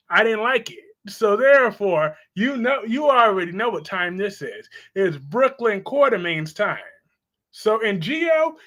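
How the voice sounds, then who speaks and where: A man with a very high, bright and sharp voice chats on a live stream. He talks in a sassy, expressive way and answers his chat as he goes.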